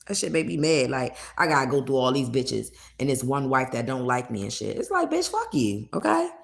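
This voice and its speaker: A woman's voice: extremely low pitch, sing-song, moderate pace, creaky. A young woman chatting bluntly and profanely with viewers on a livestream, laughing between points. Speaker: live streamer. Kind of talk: casual livestream chat with viewers.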